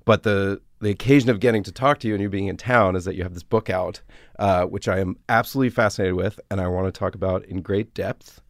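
Low gravelly male podcast host. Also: dry recording, studio quality. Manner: relaxed, thoughtful, halting with fillers. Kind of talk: casual chat.

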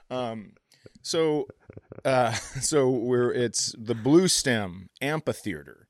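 A man co-hosting a comedy podcast, rambling through stories in a loose, joking way. His pitch sits in the middle for a man, and the recording is dry and close. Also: lively intonation, extremely slow, no echo. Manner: rambling storyteller, drops into loud impressions. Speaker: podcast co-host. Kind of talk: casual comedy podcast chat.

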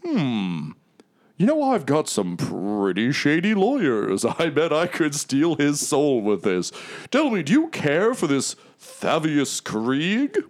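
A man voicing a gleeful male demon who deals in souls, gloating with drawn-out hums. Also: on the high side, huge pitch swings, voice pushed up, heavily acted. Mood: scheming. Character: gleeful male demon soul dealer, smug.

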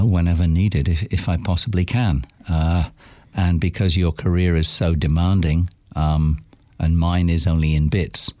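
Middle-aged guy from england, super low voice, dry funny stories, dead close mic. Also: a little mellow, no echo. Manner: dry humor, anecdotal, laughs often. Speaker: guest, businessman. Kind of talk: casual chat, storytelling.

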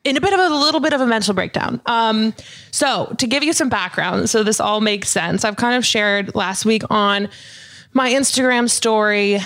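A woman's voice: fairly high pitch, normal speed, a bit bright. Chatty woman podcast host. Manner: chatty and open, heavy use of "like". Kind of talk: casual podcast chat.

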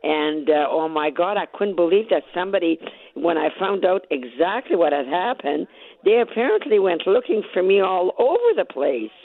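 A woman with a raspy voice calling into a radio show, telling her story with excitement and acting out both sides of each conversation. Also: fairly low pitch, moderate pace, no room sound. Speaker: caller, lottery winner. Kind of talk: phone-in radio interview. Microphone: telephone. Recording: tinny phone line.

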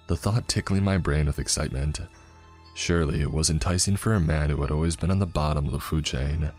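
A man narrating a dark first-person fantasy story in a grave, dramatic way, with faint music behind. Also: extremely low pitch, brisk.

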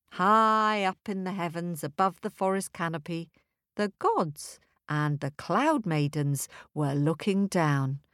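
A woman storyteller telling a folk tale in an expressive, rhythmic way. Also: medium pitch, no echo, clean studio sound. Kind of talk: storytelling for children.

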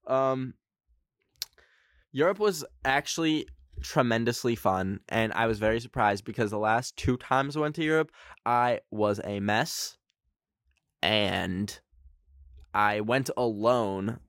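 A man's voice: mid-range voice, no echo, clean studio sound. A young man hosting a casual solo podcast, goofy and rambling with lots of fillers and laughs. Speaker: podcast host.

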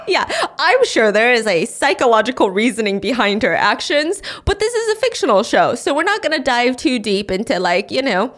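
Female host, casual plot recap, slightly high voice, dramatic character voices. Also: normal speed, hardly any pauses. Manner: animated, acts out character lines in high voices.

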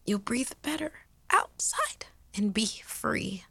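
A woman voicing a frightened young woman with a raw, hoarse throat, speaking in a hushed, breathy near-whisper. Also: on the high side, sing-song, takes it slowly, no room sound, pitched above the performer's own voice, heavily acted. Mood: hushed pleading.

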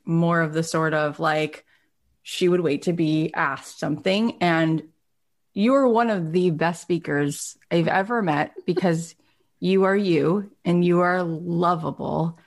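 Brief: woman, podcast host, gushing and enthusiastic, casual talk. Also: lowish voice.

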